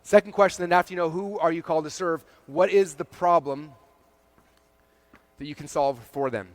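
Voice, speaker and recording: A middle-aged man giving an energetic motivational talk on stage to a live audience, conversational, full of fillers and quick check-ins with the crowd. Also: on the high side, dry recording. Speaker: keynote speaker at a marketing event.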